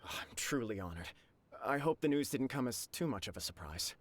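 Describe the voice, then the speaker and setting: An actor playing a humble, earnest young clan leader in a video game, formal and a little bashful. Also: male voice, mid-range voice, animated, moderate pace, lightly acted.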